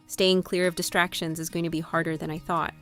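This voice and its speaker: A woman's voice: lowish voice, a little fast, soft background music. Woman narrating her audiobook. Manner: expressive first-person reading. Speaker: author and narrator.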